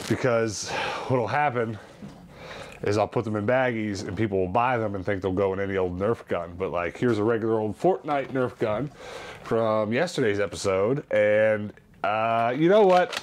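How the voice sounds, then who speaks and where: A man vlogging about his thrift store finds in an animated, chatty, jokey way. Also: fairly low pitch, slight background noise. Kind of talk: casual chat.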